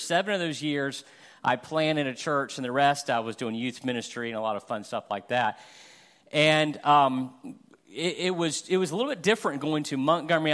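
A middle-aged Floridian guest pastor preaches a sermon in a conversational, self-deprecating style, humorously acting out everyday examples. His male voice is on the high side and a bit bright.

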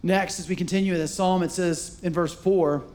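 A middle-aged man with a high-pitched voice preaches a sermon in a church sanctuary. He tells stories and acts out the voices of the people in them, speaking into a stage microphone. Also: moderate pace. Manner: animated storytelling with acted-out voices. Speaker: pastor.

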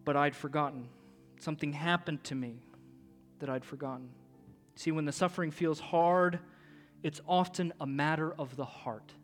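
Guy preaching a sermon, high voice, gets hushed then loud, repeats himself, soft music behind. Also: fairly even intonation, moderate pace, big-room sound. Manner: impassioned, swings from hushed to loud; repetitive, rhetorical preaching with restarts. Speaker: pastor.

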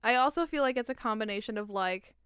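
A woman in her twenties co-hosting a casual podcast, animated, laughing and swearing often. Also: on the high side, fast talker, clean tone, dry recording, studio quality. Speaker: podcast co-host. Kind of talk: casual chat.

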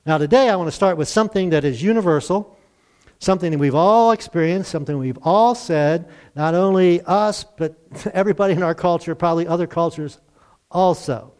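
A man's voice: a little high, brisk, darkish tone, clean tone. An older man, a pastor, preaching a conversational sermon to a congregation and asking them to respond. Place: church service.

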